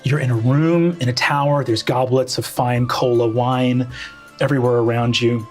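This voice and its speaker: A game master narrates a tabletop role-playing scene in a relaxed, informal way. The pacing is loose and full of filler words. Faint music plays underneath. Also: medium pitch, normal speed.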